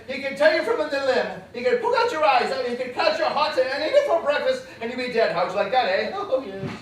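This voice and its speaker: A man's voice: extremely high pitch, animated, quick pace. A man playing a gloating old crow. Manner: theatrical, relishing gory tales, chuckling. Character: old talkative male crow, theatrical and gloating. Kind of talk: stage play acting. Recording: echoey stage from a far mic.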